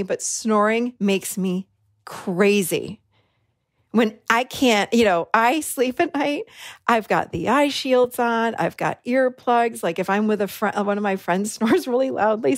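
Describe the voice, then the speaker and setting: A woman hosting a podcast, telling a personal story in an animated way and acting out the voices she quotes. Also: fairly high pitch, moderate pace, no echo, clean studio sound. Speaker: podcast host. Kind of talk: storytelling monologue.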